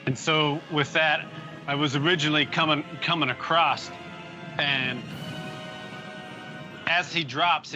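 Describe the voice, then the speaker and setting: Man playing a tabletop game over music. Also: mid-range voice. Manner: describes his character's actions in first person. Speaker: player.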